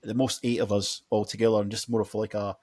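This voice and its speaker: A man's voice: fairly low pitch, flat delivery, quick pace, a little mellow. A man hosting a podcast, chatting casually in a rambling way with lots of restarts. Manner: rambling, restarts often, laughs easily. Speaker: podcast host. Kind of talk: casual chat.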